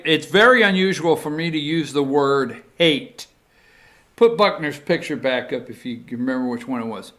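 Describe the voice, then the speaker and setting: A man's voice: a little high, normal speed, a bit bright. A man hosting a talk show, talking casually in a rambling, emphatic way with sudden emotional outbursts.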